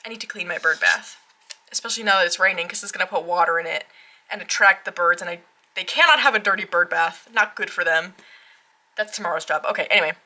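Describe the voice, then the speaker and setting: A woman gushing through a casual tarot deck walkthrough at home, excitable, with frequent gasps and fillers. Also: lowish voice, quick pace. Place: home tarot room, rain outside.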